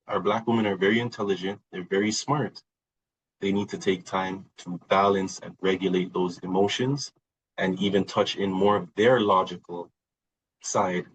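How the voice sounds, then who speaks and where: A man's voice: fairly low pitch, moderate pace, breathy edge, rough recording. A man talking as a podcast guest in a reflective, conversational way, often repeating words and acting out quoted reactions. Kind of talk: casual conversational talk.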